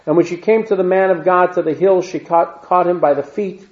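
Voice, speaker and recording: A man's voice: sits high, steady tone, a little fast. A man reading scripture aloud and explaining it as a Torah teacher, breaking in with plain asides and Hebrew terms. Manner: reads verses then adds plain asides and Hebrew terms. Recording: dull lo-fi recording.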